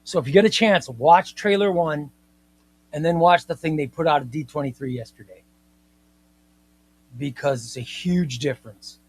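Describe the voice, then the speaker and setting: A man's voice: fairly high pitch, moderate pace, long pauses, slightly rough. A man hosting a casual comics livestream, talking emphatically, repeating his points and reading viewer comments aloud.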